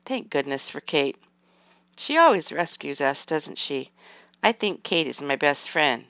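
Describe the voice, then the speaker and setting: A woman's voice: low-pitched, big pitch swings, unhurried, a bit bright, no room sound, studio quality, heavily acted. A woman reading aloud, voicing a curious, insistent little girl doll in a storybook. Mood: thoughtful. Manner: eager, pressing questions.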